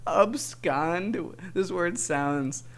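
A man's voice: sits high, very slow, fairly bright tone. Young male podcast co-host, easygoing, laughs a lot, says "dude". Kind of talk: casual chat, spelling bee game.

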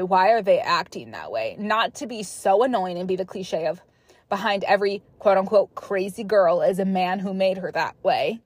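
A young woman hosting a podcast, reading listener stories aloud and breaking off into chatty, animated asides. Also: medium pitch, husky, dry recording. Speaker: podcast host.

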